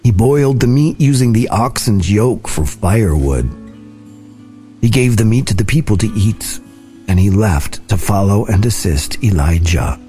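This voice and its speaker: A man reading scripture aloud in a slow, deliberate, soft-spoken way. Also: on the low side, animated. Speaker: scripture reader. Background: soft guitar music.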